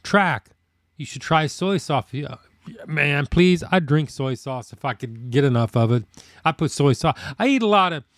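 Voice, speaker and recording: A man's voice: on the high side, animated, no room sound, clean studio sound. A middle-aged man, hosting a casual food live stream, chatting in a rambling, folksy way and reading out viewer comments. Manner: rambling, folksy, complains about fast food.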